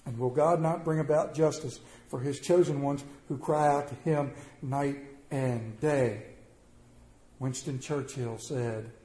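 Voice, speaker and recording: A man preaching a sermon, telling stories and swinging between quiet and loud delivery. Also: medium pitch, fairly even intonation, unhurried. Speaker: pastor. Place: church sanctuary. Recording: roomy church echo.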